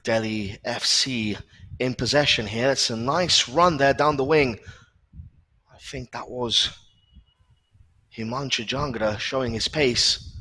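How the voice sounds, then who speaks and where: A man commentating a live football match, calling play-by-play briskly with short filler pauses. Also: mid-range voice, pushed and bright.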